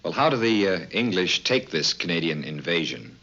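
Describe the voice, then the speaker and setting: A man interviewing guests for a documentary with brisk, polite questions. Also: low-pitched, big pitch swings, sharp tone. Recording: dull lo-fi 1950s film sound.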